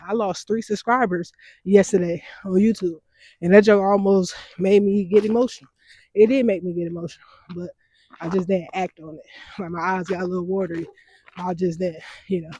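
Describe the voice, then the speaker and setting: Young female vlogger, slightly raspy, chatty and easygoing, talking to her viewers through a worn mic. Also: fairly low pitch, warm tone, no room sound. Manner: chatty and easygoing, laughs often, calls viewers y'all. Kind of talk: casual vlog chat to viewers. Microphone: wearing mics while walking.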